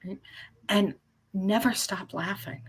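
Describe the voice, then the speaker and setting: With a medium-pitched, slightly rough voice and an unhurried pace, a life coach in her fifties guests on a casual interview chat. She's playful, often starts her sentences over, and acts out small scenes.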